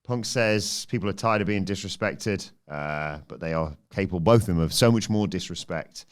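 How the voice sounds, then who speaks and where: A man co-hosting a wrestling review podcast. He recaps matches in a dry, brisk way and keeps the talk on topic. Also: sits low, smooth. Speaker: podcast co-host.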